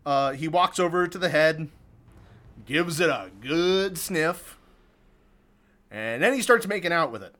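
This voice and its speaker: A man's voice: on the high side, animated, measured pace, pauses often, fairly bright tone. A man casually recapping a movie on a podcast, chatty and amused, laughing often. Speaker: podcast co-host recapping a film. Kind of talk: casual chat.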